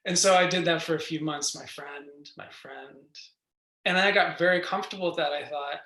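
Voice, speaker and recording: A meditation teacher from New York giving a gentle, reflective guided meditation talk over a video call, with soft laughs. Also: mid-range voice, steady tone, fast talker. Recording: roomy echo.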